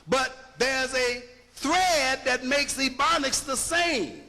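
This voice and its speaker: A man's voice: extremely high pitch, expressive, takes it slowly, bright, forceful tone. A man giving an emphatic, rhetorical lecture, punching his points and checking that listeners follow. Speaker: linguistics lecturer. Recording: long hall reverb.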